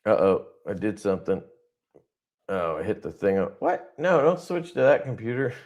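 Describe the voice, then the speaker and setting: A man's voice: fairly low pitch, very animated, normal speed, darkish tone. A man hosting a casual livestream who rambles loosely, swears freely and laughs often. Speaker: livestream host.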